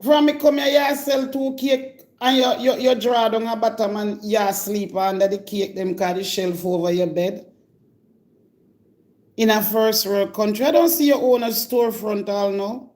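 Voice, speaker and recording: A woman's voice: medium pitch, a little mellow. Jamaican woman, live-stream host, scolding and indignant, calls people out directly. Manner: scolding, indignant, addresses her target directly. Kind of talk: confrontational live-stream rant.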